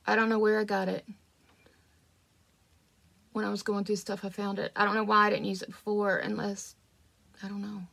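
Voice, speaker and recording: Chatty woman with a gravelly voice. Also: medium pitch, level tone, normal speed, long pauses, fairly bright tone. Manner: chatty, rambling, self-deprecating. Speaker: vlogger. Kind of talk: casual get-ready-with-me chat.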